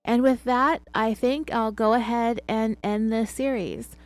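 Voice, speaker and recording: A woman's voice: on the high side, steady tone, a little slow, no room sound. A woman hosting a true crime podcast, retelling an interrogation with sarcastic, opinionated asides. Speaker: podcast host.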